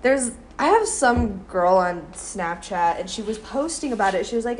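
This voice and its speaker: Cooking breakfast at home, this young vlogger tells a rambling storytime full of swearing and jokes at her own expense. She speaks at medium pitch, expressively and at a moderate clip, hardly pausing, over background noise.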